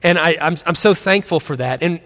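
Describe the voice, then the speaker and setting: Animated man in his forties, high voice, long reverb, storytelling talk with acted voices. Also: brisk. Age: 40s. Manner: animated, acts out voices and laughs often. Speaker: christian speaker and husband.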